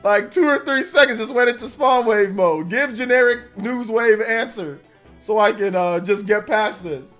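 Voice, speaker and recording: High-voiced man rambling on a livestream. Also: moderate pace, a bit bright, soft background music. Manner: rambling and laughing, reading donation messages aloud. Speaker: streamer. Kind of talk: casual livestream reaction chat.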